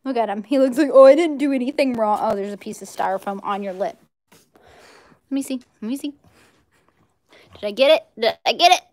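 A young cooking livestream host talks in a mid-range voice at normal speed, leaving long pauses. She chats casually and bubbly to viewers and her dog while cooking in her home kitchen, recorded on a tripod phone.

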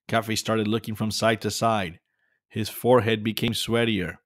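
A man narrating a children's adventure story in a calm, measured way. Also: fairly low pitch, dry recording, clean studio sound. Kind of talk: scripted narration.

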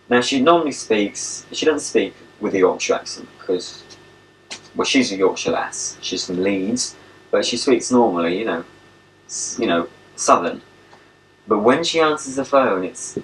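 A man's voice: lowish voice, normal speed, fairly bright tone. Young man, from England, playful chat, baby talk to dogs, distant old home-video sound. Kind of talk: casual home video message to a pen pal. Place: at home, indoors.

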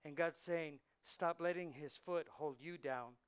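Animated preaching man, clear voice. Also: on the high side, measured pace. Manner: swings from hushed intensity to loud preaching; drops Spanish words into English. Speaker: pastor. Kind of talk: sermon. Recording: church sermon on a live mic.

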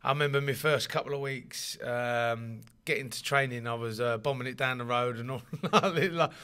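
A man's voice: mid-range voice, moderate pace, sharp tone, clear, resonant tone. A man, chatting in an interview, rambling and repeating words, laughing often. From London. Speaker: interviewee, rugby league player. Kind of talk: casual interview chat.

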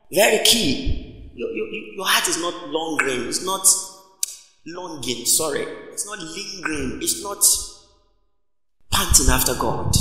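A man preaching a lively call-and-response sermon to his congregation, stopping for laughter and shouted lines. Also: high voice. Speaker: pastor. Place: church auditorium. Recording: echoey church hall.

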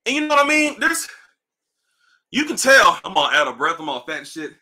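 Bright-voiced man ranting on a livestream. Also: high voice, brisk. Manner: animated, swearing, repeats himself. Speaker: livestream host. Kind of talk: profane casual rant. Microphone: livestream mic.

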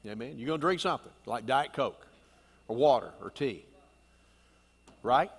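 A man's voice: medium pitch, animated, moderate pace, gravelly, slightly rough, long reverb tail. A middle-aged male pastor preaching a sermon in a folksy, conversational manner, often asking the congregation questions. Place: church sanctuary.

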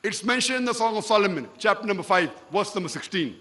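A man giving a public lecture, quoting scripture in a slow, emphatic, declaiming way. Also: sits high, lively intonation, pushed and bright. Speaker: public speaker.

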